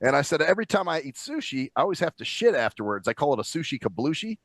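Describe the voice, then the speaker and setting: A man's voice: fairly high pitch, sing-song, fast, fairly bright tone, no echo, clean studio sound. A man hosting a casual podcast chat, joking and laughing often. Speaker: podcast host.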